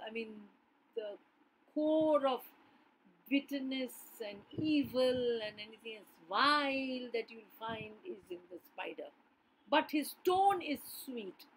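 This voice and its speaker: A woman's voice: on the high side, poor audio. A woman teacher explaining a poem line by line, often asking her listeners rhetorical "yes?" questions.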